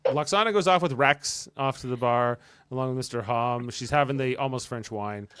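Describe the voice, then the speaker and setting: A man hosting a podcast, casually recapping an episode and slipping into quick playful voices for the characters. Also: mid-range voice, fairly bright tone, smooth, dry recording. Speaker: podcast host.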